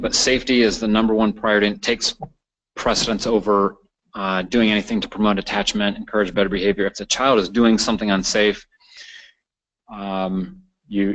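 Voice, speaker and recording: A man's voice: on the low side, a bit bright, low-quality recording. A man presenting a continuing-education lecture on parenting, talking unscripted with many fillers and restarts. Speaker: counselor presenting a training course.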